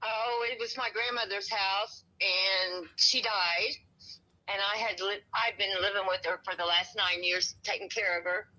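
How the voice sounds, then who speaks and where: A woman in her fifties talks on a phone call in a very bright, sharp voice. She is cold and shivering, and she rambles, circling back and restarting her sentences. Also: medium pitch, fairly even intonation, measured pace. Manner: rambling, meandering, with many restarts and soft laughs. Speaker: home seller on a phone call.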